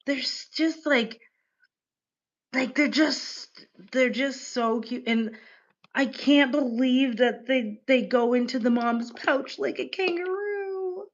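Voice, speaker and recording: A woman's voice: sits high, slow. Gushing woman streamer, dull lo-fi mic. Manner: gushing, animated, swears casually. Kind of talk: casual livestream chat.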